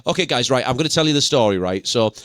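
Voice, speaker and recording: A man runs a live online chat, loose and jokey, with plenty of ums as he goes. His voice swings widely in pitch. The sound is dry and close, with no room around it. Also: animated, fairly bright tone, dry recording. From England. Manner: chatty, jokey, quick to laugh, lots of fillers. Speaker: wedding musician hosting a live chat. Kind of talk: casual live-stream chat.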